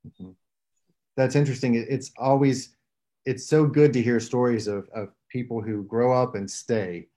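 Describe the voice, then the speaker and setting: A man with a faint Southern accent hosting an interview, asking long, measured questions full of fillers and restarts. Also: mid-range voice, steady tone, warm tone. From Southern West Virginia. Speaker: interviewer host. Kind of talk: conversational interview.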